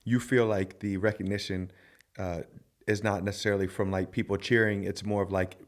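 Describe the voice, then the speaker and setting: A man hosting a podcast in casual interview chat, relaxed and self-deprecating, with many affirmations. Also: on the low side, brisk. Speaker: podcast host.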